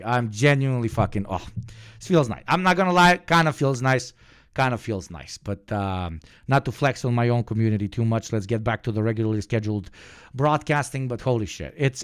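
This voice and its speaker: A man from the Balkans hosting a livestream, shouting profane, hyped thank-yous to his viewers until his voice goes hoarse, then settling into calmer, sincere talk. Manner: calmer, low-key and sincere. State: hoarse from screaming. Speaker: livestream host.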